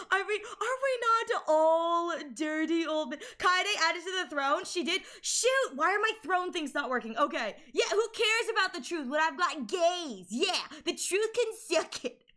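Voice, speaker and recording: A woman streaming live, chatting casually with her viewers in a high, bright voice. She sounds emotional and tearful, and she laughs often while thanking them. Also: animated, a little slow, hardly any pauses.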